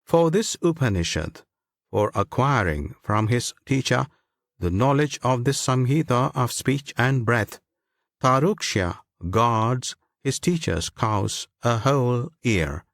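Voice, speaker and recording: A man reading a sacred text aloud as scripted narration, in a measured, solemn manner. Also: medium pitch, lively intonation, creaky, no echo, clean studio sound. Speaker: scripture reader.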